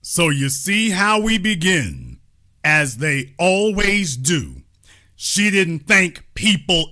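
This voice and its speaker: A man's voice: a little high, pushed and bright. A man hosting a political commentary show, speaking in a grandiose, sarcastic, preacher-like manner. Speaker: host.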